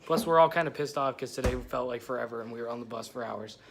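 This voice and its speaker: A man's voice: mid-range voice, fast talker, gravelly, noisy background. A young man narrating a casual travel vlog from a hotel room, telling rambling, jokey stories. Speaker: vlogger.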